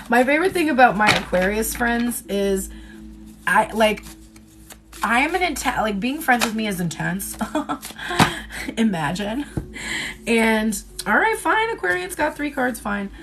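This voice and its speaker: A woman's voice: a little high, big pitch swings, a little slow, long pauses, background noise. A woman giving a casual livestream tarot reading, chatty and candid, who laughs often and swears casually. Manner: loose, rambling delivery with many fillers. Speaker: tarot reader.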